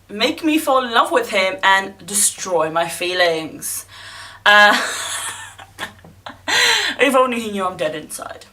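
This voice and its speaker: A woman's voice: mid-range voice, sharp tone, far from the mic. A young woman vlogger casually retelling a story, blunt, sarcastic and full of swearing, recorded a bit away from the mic. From not from England, living there.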